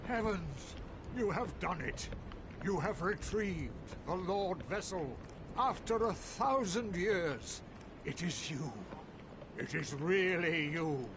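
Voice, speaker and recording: An actor voicing an eager, excitable ancient serpent creature in a video game, speaking in a grand, drawn-out way. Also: male voice, high voice. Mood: elated. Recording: game audio with background noise.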